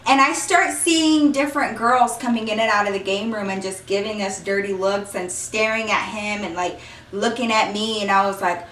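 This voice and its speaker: A woman's voice: mid-range voice, fairly even intonation, moderate pace, a bit bright, slight background noise. A woman vlogger telling a casual story, chatty, often saying y'all and acting out what people said. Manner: chatty, acts out quotes, says y'all. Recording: echoey room, mic at a distance.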